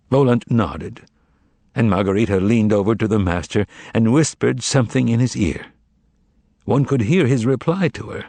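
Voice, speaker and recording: A man narrating a novel as an audiobook, reading in a measured, expressive way. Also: fairly low pitch, no room sound.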